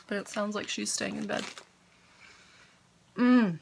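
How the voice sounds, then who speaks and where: A woman's voice: medium pitch, steady tone, slow, vocal fry, darkish tone, a little hiss or hum. A woman hosting a podcast from home, chatting casually and giggling as she gets sidetracked. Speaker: podcast host. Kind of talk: casual chat.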